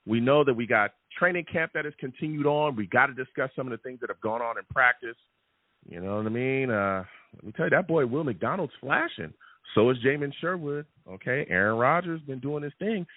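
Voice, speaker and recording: A man hosts a live sports call-in show, talking in an animated, chatty way and tagging his points with "okay?" His voice is a little husky and swings up and down a lot. The sound is thin and tinny like a phone line, and very dry. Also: mid-range voice, a little fast, dry recording. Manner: animated and chatty, repeats "okay?" and "all right?" often. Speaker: sports podcast host.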